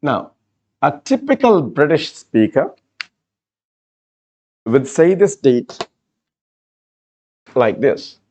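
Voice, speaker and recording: A man's voice: fairly high pitch, sing-song, takes it slowly, pauses often, a little mellow, highs cut off. A man teaching an exam-prep class, repeating key words and explaining step by step. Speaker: IELTS teacher. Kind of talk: classroom lecture.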